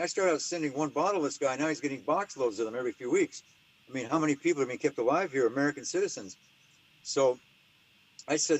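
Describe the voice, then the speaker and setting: A man's voice: fairly high pitch, quick pace, low-quality recording. An older man as an interview guest, talking in a rambling, emphatic way and telling long stories. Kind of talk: casual interview talk.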